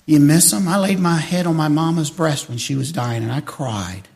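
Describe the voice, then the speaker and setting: An older man preaching a sermon as pastor, swinging between shouted lines and soft, hushed storytelling. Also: fairly high pitch, normal speed, gravelly.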